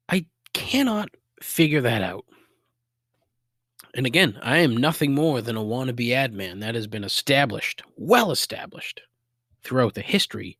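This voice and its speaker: A man with a thick Boston accent rants alone into the mic, swearing freely and dropping sarcastic asides. His pitch leaps around as he works himself up, and the sound is dry and close, with no room around it. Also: fairly bright tone, dry recording. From Boston area, USA. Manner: profane, exasperated griping with sarcastic asides. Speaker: podcast host. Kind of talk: solo podcast rant.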